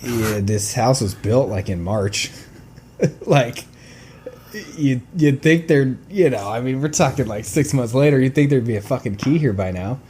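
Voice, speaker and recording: A man co-hosting a casual podcast, telling a story with animated swearing and acting out both sides of the conversation. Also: mid-range voice, a little slow, a little hiss or hum. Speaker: podcast co-host. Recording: new, not set up home room.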